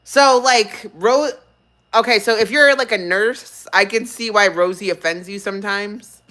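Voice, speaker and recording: A woman's voice: medium pitch, measured pace, sharp tone. A young woman streamer ranting casually on a livestream, swearing freely, rambling and laughing often.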